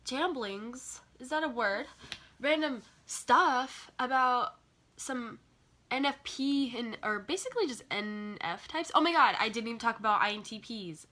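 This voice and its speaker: Woman vlogging and rambling, bright voice, keeps saying sorry. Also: on the high side, animated, unhurried. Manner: scattered, self-deprecating, often apologizing. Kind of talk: rambling casual monologue.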